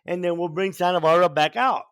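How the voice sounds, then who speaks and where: An older man, originally from Cuba, sits as a podcast guest and tells his story at length. His voice sits high for a man, and he presses his points by repeating words for emphasis. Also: fast, fairly bright tone, clear, resonant tone. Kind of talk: storytelling in an interview.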